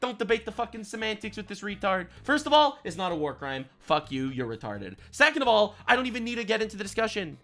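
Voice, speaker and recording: Animated bright-voiced male streamer ranting. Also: high-pitched, fast, few pauses, soft background music. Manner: loud, profane, repetitive ranting. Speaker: streamer reacting to a video. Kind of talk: heated reaction commentary.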